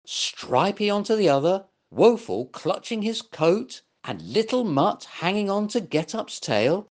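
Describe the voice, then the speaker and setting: Older male storyteller for kids, very lively pitch, unhurried reading. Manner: warm, very expressive read-aloud delivery. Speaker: storyteller host. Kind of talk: reading a children's story aloud.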